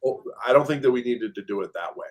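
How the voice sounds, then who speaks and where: A man at ordinary pitch for his age group, casually recounting a property problem. He rambles with fillers and acts out the back-and-forth with repairmen. The talk feels like a relaxed podcast conversation. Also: fast. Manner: storytelling, acts out quoted exchanges, many fillers. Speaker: short-term rental property manager.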